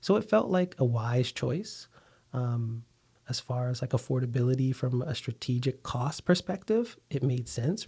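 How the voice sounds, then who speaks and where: A man's voice: medium pitch, creaky, dark tone. A man, founder of a food company, talking as a guest in a conversational interview, telling his story steadily with some fillers.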